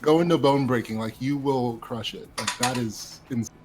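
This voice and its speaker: A man who dances speaks as a guest on a live stream. His voice has a plain mid pitch, and he talks with enthusiasm and encouragement. A faint hum sits under him. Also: moderate pace. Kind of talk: casual chat.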